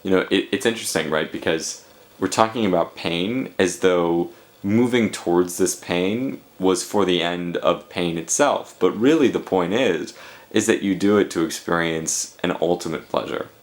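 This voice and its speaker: A man with a very deep voice leads the interview, thinking aloud and offering reflective remarks between questions. His talk is relaxed and conversational, and the room carries some echo. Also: normal speed.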